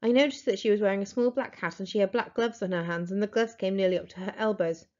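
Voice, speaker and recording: A woman teacher reads a children's storybook aloud with expressive, dramatic storytelling. Her voice sits in a middle range, and the recording sounds dull and lo-fi. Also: mid-range voice, quick pace.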